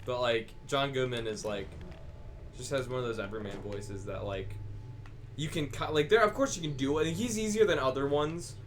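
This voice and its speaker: A man's voice: mid-range voice, normal speed, slight background noise. A man hosting a game stream in casual chat, rambling, laughing often and swearing freely. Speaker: stream host. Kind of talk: casual chat while gaming.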